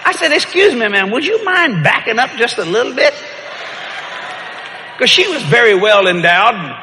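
A man, preaching and telling a story with lively shouts and laughter. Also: extremely high pitch, normal speed, slight background noise. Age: older. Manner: animated, shouting punchlines, laughing. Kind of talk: sermon storytelling. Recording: echoey hall with crowd.

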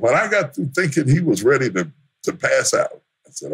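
A man preaching a sermon as pastor, building to shouts through repeated refrains. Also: mid-range voice, big pitch swings, a little fast, gravelly, husky.

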